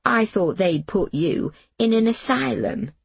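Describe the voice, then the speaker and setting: A woman's voice: a little high, expressive, a little slow, creaky, husky, dry recording, pitched above the performer's own voice, exaggerated voice. Woman doing a scornful neighbor. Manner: disdainful.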